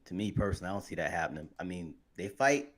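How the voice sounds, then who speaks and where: A man co-hosting a boxing podcast in casual chat, giving relaxed, laid-back opinions. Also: low voice, fast talker. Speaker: podcast co-host.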